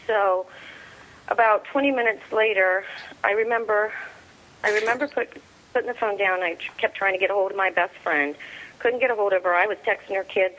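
A middle-aged woman giving an interview as a soldier's mother. She tells her story in a plainspoken, halting way, quoting what each person said. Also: medium pitch, a bit bright, slight background noise, low-quality recording. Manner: plainspoken, retells events through quoted dialogue; halting, with frequent fillers and restarts.

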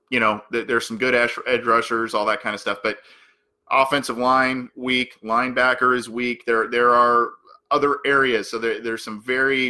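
A man's voice: medium pitch, pushed and bright. A man hosting a sports podcast, giving solo analysis of a football game, thinking aloud with many fillers and restarts.

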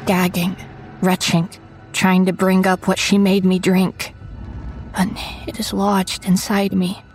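A woman narrating a first-person horror story in a hushed voice that often drops to a whisper. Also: mid-range voice, poor audio.

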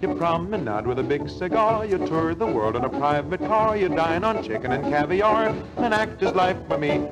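A man singing as a jaunty cartoon fox in an old animated film song, bouncy and theatrical, with loud orchestral music under the voice. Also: on the high side, moderate pace, hardly any pauses, natural voice.

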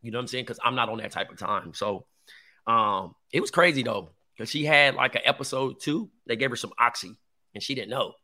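A man in his thirties with a bright, forceful voice, talking casually on a podcast. He tells a personal story candidly, with loose slang and frequent swearing, at an ordinary middle pitch. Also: a little fast. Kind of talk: casual chat.

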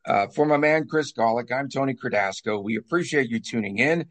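A man's voice: medium pitch, a little fast, fairly bright tone. A man co-hosting a sports podcast, rambling and joking through casual chat and the show's sign-off. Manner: rambling, jokey sign-off banter. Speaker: podcast co-host.

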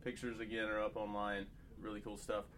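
A man's voice: on the low side, completely flat delivery, brisk, fairly bright tone. A man co-hosting a podcast, running through news items with enthusiasm. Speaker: podcast co-host.

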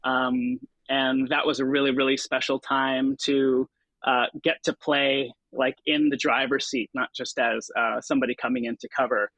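A man's voice: medium pitch, normal speed, dry recording, low-quality recording. A man in his thirties, a stage and TV performer, telling stories as an interview guest with many fillers and restarts. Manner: hesitant, lots of fillers and restarts, animated when quoting himself. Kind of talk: relaxed conversational storytelling.

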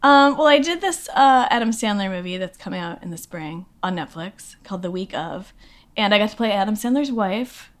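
A woman's voice: medium pitch, expressive, normal speed. A woman guest, an actress and comedian, chatting casually in an interview, rambling and self-deprecating with lots of fillers.

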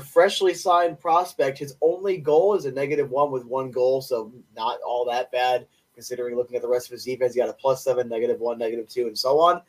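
Young male podcast co-host, raised voice, enthusiastic stat-rattler, slightly off-mic. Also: on the high side. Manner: enthusiastic, opinionated, quick stat rundowns. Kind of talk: casual sports podcast chat. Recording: voice a bit distant from mic.

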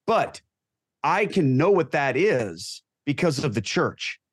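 A man's voice: a little high, big pitch swings, takes it slowly, no echo, studio quality. A man, a guest on a talk show, speaking earnestly and emphatically about his faith. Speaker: guest, Catholic convert.

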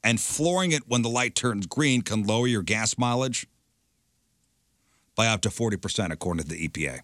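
A man's voice: on the low side, lively intonation, brisk, a bit bright, dry recording, studio quality. A man co-hosting a casual talk show who reads out news items in a matter-of-fact way. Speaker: radio show co-host reading news items.

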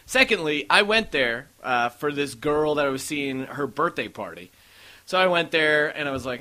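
A man's voice: on the high side, animated, normal speed, pushed and bright. A man hosting a casual podcast, rambling through stories and acting out what others said. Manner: rambling storyteller, acts out quotes. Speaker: podcast host.

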